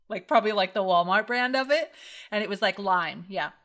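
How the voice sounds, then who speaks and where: A woman's voice: mid-range voice, moderate pace, fairly bright tone. A woman co-hosting a podcast, rambling casually with lots of fillers and giggles. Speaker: podcast co-host. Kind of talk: casual chat.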